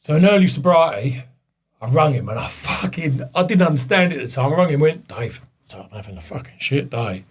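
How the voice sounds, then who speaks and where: A man with a husky, slightly higher voice tells a personal story in a candid chat. He swears freely and acts out the voices of the people in it. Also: lively intonation, fairly quick. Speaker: guest.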